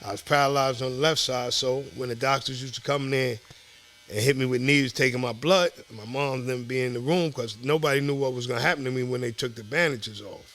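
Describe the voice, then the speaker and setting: A middle-aged man from Southside Jamaica Queens with a New York accent, telling stories as a podcast guest in an animated, profane way. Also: medium pitch, brisk. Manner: animated, profane, acts out quoted voices. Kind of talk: casual storytelling.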